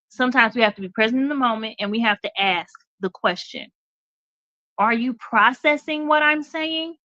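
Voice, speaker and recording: Direct talk show lady, bright and forceful, keeps asking okay?, dry dull audio. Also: a little high, no echo. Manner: direct, emphatic, checks in with "okay?". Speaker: radio talk show host. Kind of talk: motivational talk.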